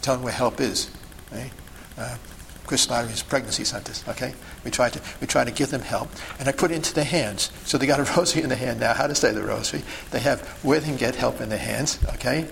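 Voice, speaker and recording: A man's voice: mid-range voice, fast talker, gravelly, few pauses, fairly bright tone, slight background noise, low-quality recording. A man giving an instructional talk to a group as a sidewalk counselor, emphatic and full of rhetorical questions and checks like "okay?" and "see?".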